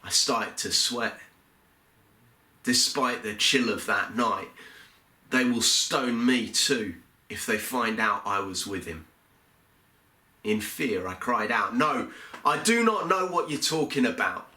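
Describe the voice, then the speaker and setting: An actor playing a remorseful, fearful fisherman disciple in an earnest first-person church monologue, told with halting, heavy pauses. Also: fairly low pitch, bright, forceful tone, echoey room, full character voice.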